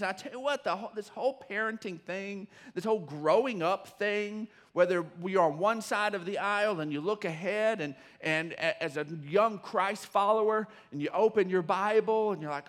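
A middle-aged man preaching a sermon as pastor, telling stories in a folksy way with many restarts and occasional excited whoops. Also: high-pitched, moderate pace. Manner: animated storytelling, bursts of whooping and shouting when excited.

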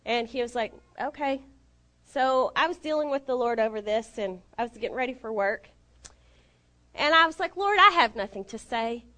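A middle-aged woman giving a storytelling sermon, animated and self-deprecating, acting out the dialogue. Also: a little high, moderate pace. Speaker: lay preacher.

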